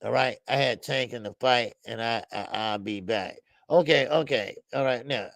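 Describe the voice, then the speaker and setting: A man's voice: medium pitch, expressive, normal speed, gravelly, a bit bright, no echo, clean studio sound. A man hosting a casual boxing livestream, chatting animatedly, laughing a lot and greeting his chat in profane slang. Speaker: boxing show host.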